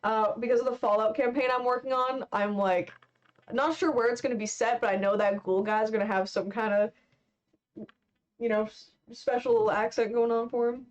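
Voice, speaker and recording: A young woman chats casually while drawing on a live stream, rambling and plugging gaps with "like" and "um." Her voice is fairly high with fairly even intonation at a normal speed, picked up by a dull lo-fi stream mic.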